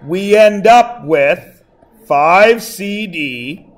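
A man's voice: high-pitched, expressive, very slow. A male math teacher lecturing a class, joking and often checking that everyone follows. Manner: jokey, keeps checking in with the class.

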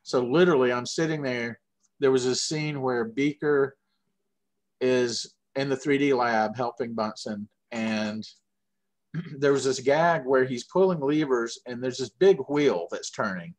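Southern guy, middle-aged, rambling chatty stories with lots of uhs, animated. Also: mid-range voice, unhurried. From Georgia, US. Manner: rambling, animated anecdotes with frequent fillers. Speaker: guest puppeteer. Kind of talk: casual interview storytelling.

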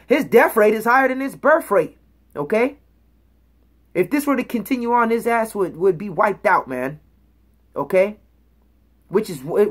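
A woman teaching the Bible in an emphatic preaching style, reading verses aloud and checking in with her listeners after each point. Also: mid-range voice. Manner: emphatic, checks in with "okay?" and "all right?"; reads scripture aloud and explains words.

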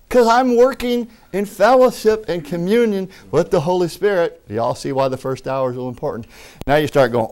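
A male preacher delivers an animated sermon in a slightly high voice that swoops up and down. He acts out quoted voices and breaks into laughter as he goes. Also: fairly quick. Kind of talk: lively sermon.

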